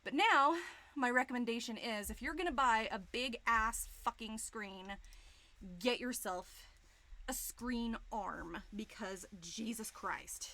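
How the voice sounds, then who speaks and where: A woman in her thirties chatting on a live stream, gushing and excitable, swearing freely. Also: fairly high pitch, slow pace. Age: 30s. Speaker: streamer and digital artist. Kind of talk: casual live-stream chat. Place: home studio room.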